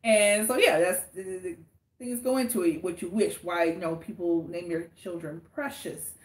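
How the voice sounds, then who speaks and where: A woman from the Los Angeles area co-hosting a casual podcast chat, animated and quick to laugh, trailing off into restarts. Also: on the low side, reverberant. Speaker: co-host.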